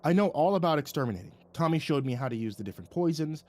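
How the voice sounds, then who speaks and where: A man's voice: fairly high pitch, expressive, very fast, a little mellow, pitched above the performer's own voice, lightly acted. A man voicing a polite, nervous young man in his late teens who stammers as he pleads for work. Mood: earnest.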